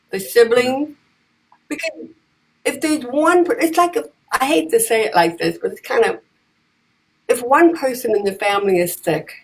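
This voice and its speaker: A woman telling lively stories in casual conversation, acting out the voices of the people in them. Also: a little high, slightly rough, poor audio. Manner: animated, acts out voices in her stories. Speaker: guest, comedian and advocate. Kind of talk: conversational storytelling.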